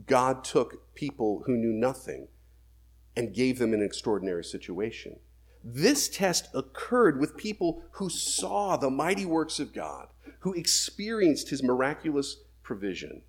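A man's voice: mid-range voice, very animated, measured pace, slightly rough. A man preaching a sermon, reading scripture aloud and then explaining it with emphatic questions.

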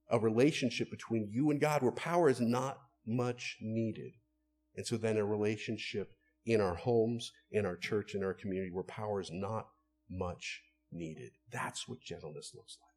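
A man's voice: medium pitch, a little mellow, breathy edge. A man, a pastor, preaching an earnest, conversational sermon and asking his listeners rhetorical questions.

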